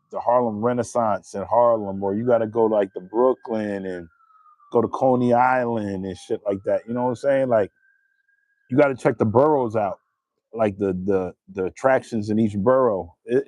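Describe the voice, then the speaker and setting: A young man with a New Jersey accent rambles in a loose live-stream chat, swearing freely and laughing often. His pitch sits in an ordinary middle range. The sound is close and dry, with no room around it. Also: no echo. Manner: animated, profane, laughing often.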